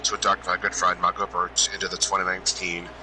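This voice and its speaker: A man giving an emotional hall of fame induction speech, halting and restarting as he loses his train of thought. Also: low voice, monotone. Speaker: inductee presenter. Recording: loud background noise.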